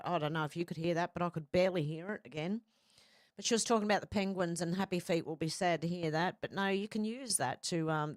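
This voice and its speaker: A woman's voice: on the low side, no room sound, studio quality. A woman hosting casual news commentary, rambling and exclaiming with the odd swear. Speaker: commentary host.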